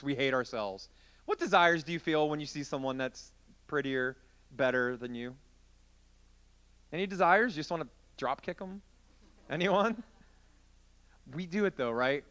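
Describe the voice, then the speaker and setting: A man's voice: a little high, a bit bright. A man preaching as a youth pastor in an interactive youth group sermon, playful and joking with volunteers.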